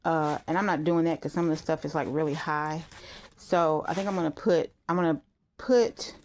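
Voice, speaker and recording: A woman chatting casually and excitedly while making a gift on camera, full of exclamations. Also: deep voice, moderate pace, a little hiss or hum. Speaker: crafter vlogger. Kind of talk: casual talk while crafting.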